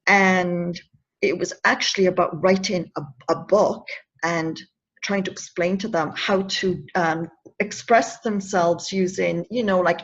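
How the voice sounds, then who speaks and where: A woman's voice: mid-range voice, breathy edge, dull audio. A woman in her fifties telling a personal story in an interview, earnest and emotional, often stopping and restarting her words. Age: 50s. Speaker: interview guest, anti-bullying advocate.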